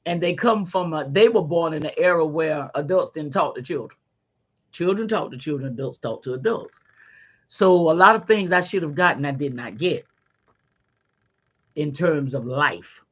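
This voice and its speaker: A middle-aged woman hosting a podcast, giving a faith-based motivational talk in a folksy, animated way and calling listeners honey. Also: deep voice, normal speed, husky, highs cut off. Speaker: podcast host.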